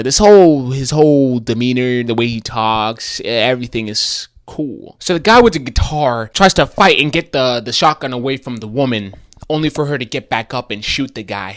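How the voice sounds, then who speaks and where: A man casually recapping a television episode for his video, animated and slangy, with many restarts. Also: medium pitch, dry recording, studio quality. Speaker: video creator.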